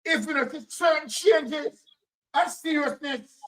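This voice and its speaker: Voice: high-pitched, measured pace, fairly bright tone, distant mic, low-quality recording. A political commentator with a Jamaican accent, talking emphatically and repeating phrases in Jamaican Patois. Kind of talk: impassioned commentary.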